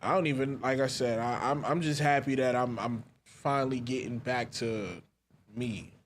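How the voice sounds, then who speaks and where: A man's voice: mid-range voice, moderate pace, a little hiss or hum. A man with a New York accent co-hosting a podcast, telling stories in a laid-back, casual way. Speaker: podcast co-host. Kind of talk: casual chat.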